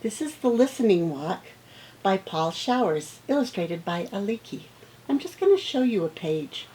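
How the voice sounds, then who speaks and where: Reading to young children, a woman playfully performs the sound words in a slow, warm-up teaching style full of sound effects. She sounds very animated at a medium pitch, though the audio is poor and has slight background noise.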